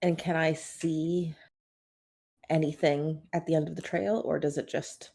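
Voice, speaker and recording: A woman player at a tabletop game, chatting casually with the group. She talks haltingly and fills her sentences with "like". Her voice sits a little low. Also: flat delivery, vocal fry, dark tone, slightly rough. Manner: hesitant, lots of "like".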